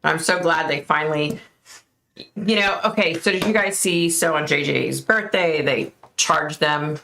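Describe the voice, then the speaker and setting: A woman's voice: deep voice, normal speed, vocal fry, sharp tone. A woman hosting a casual livestream, chatting and reacting aloud to viewer comments. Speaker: livestream host.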